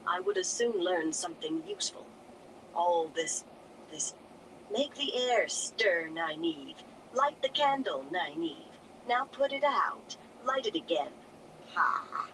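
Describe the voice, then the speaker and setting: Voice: mid-range voice, animated, takes it slowly, sharp tone, slight background noise, poor audio. A reader voicing a stubborn, hot-tempered young woman who talks stiffly and growls her words. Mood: mocking.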